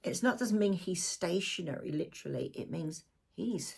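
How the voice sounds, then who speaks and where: A middle-aged woman gives a chatty tarot reading to viewers. She talks warmly with asides, and her voice is croaky. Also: on the low side, expressive, moderate pace. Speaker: tarot reader.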